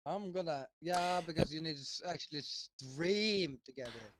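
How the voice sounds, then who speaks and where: A man's voice: on the high side, moderate pace, slight background noise. A man co-hosting a casual podcast, mostly chiming in with short agreements. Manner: brief agreeing interjections. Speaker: podcast co-host.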